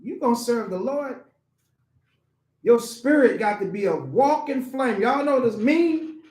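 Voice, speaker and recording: A male preacher with a very high, lively voice that swings up and down as he teaches. He talks in a loose, colloquial way, throws questions at his listeners and repeats his points. The sound is roomy and echoey. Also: a little slow. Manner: animated, asks the congregation questions, laughs often; colloquial, repeats key phrases for emphasis. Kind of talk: informal sermon teaching. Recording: echoey room.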